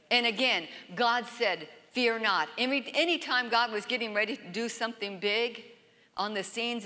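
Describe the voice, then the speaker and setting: A woman's voice: fairly high pitch, bright, forceful tone. A woman preaching a sermon in a church, emphatic, often asking "Amen?" and having the congregation repeat verses after her. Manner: emphatic, repeats lines and has the crowd say them back. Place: church sanctuary. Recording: church hall with long reverb.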